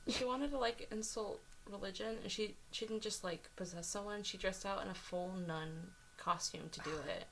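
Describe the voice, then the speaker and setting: A woman co-hosting a podcast in casual chat, teasing and quick to react. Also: mid-range voice, steady tone, gravelly, a bit bright, slight background noise, low-quality recording. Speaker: podcast co-host.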